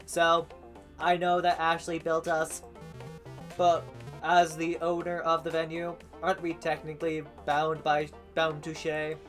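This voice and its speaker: A man's voice: a little high, monotone, unhurried, soft background music. Man reading game dialogue aloud. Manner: reads all the dialogue and narration himself, with stumbles and asides. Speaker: streamer. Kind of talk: reading a visual novel aloud on a live stream.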